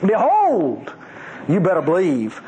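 A man's voice: sits high, wildly swooping pitch, slow, mellow, slight background noise, poor audio. A man teaching a sermon as a Bible teacher, emphatic and folksy, with playful asides.

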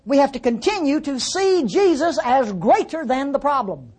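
A woman's voice: sits high, animated, normal speed, darkish tone. A woman preaching a sermon in a conversational, teasing way, full of rhetorical questions.

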